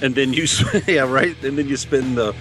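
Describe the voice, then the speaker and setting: A man co-hosting a podcast in casual, profane chat, blunt and quick to laugh. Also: mid-range voice, music in the background. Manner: blunt, swears freely, laughs often. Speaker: podcast co-host. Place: podcast studio.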